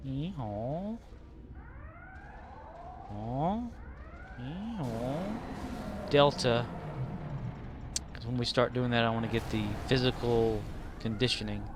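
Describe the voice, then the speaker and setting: A man's voice: medium pitch, background noise. A man streaming a game live, rambling and joking as he plays and mutters to himself. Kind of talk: casual live-stream commentary.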